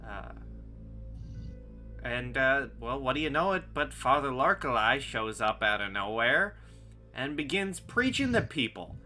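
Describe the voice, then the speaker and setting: A man's voice: mid-range voice, sing-song, a little slow, bright, forceful tone, soft background music, heavily acted. A man voicing a nervous, rambling male halfling villager who stammers and gossips. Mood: gossipy. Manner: stammering, jumpy.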